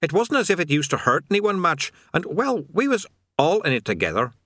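A man's voice: on the high side, sing-song, brisk, fairly bright tone, no echo, clean studio sound, pitched above the performer's own voice. A man voicing a sullen, grumbling, sentimental male demon of hell in an audiobook. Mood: sullen nostalgic. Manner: sullen, indignant, gossipy.

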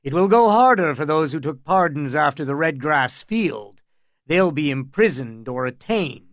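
A man narrating a fantasy audiobook in a measured, even manner. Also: a little high, no room sound, clean studio sound.

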